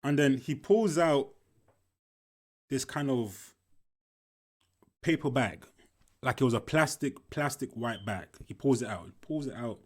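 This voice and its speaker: A man's voice: mid-range voice, expressive, a little slow, pauses often. A young man, telling a school story casually while commenting on a film, swearing often and repeating himself. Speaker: movie reaction commentator.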